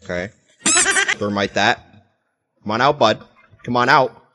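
A man's voice: fairly low pitch, a little slow, bright, forceful tone. A young man casually commentating his own gameplay, teasing other players and laughing often. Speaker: gameplay streamer.

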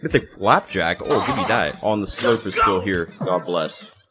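A young man giving joking, excitable commentary over his own gameplay, often laughing. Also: sits low, moderate pace, very noisy. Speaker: gaming video creator.

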